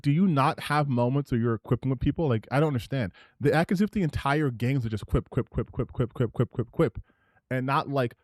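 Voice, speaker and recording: A man's voice: mid-range voice, dry recording, studio quality. A man hosting a live stream, reacting to clips in rambling commentary full of restarts. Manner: animated and rambling, with many restarts. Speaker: streamer host.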